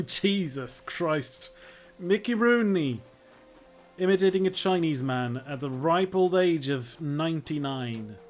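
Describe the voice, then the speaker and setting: A man's voice: on the high side, lively intonation, takes it slowly, faint music behind. Joking male game streamer. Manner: joking, laughing, talks to himself. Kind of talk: casual game commentary.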